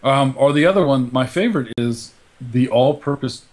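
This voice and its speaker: A man's voice: mid-range voice, normal speed. Chatty man talking anime and manga. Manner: chatty, animated retelling with put-on quotes. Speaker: podcast co-host. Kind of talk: casual chat.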